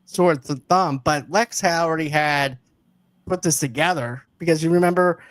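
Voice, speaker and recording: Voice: medium pitch, moderate pace, no room sound. A co-host in a casual movie review chat, recounting scenes and quoting lines in a conversational way.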